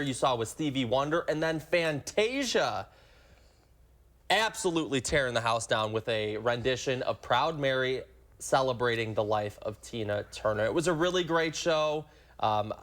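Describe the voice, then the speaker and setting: A man's voice: mid-range voice, fairly bright tone. A man co-anchoring a morning TV news show, easygoing and enthusiastic. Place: TV news studio.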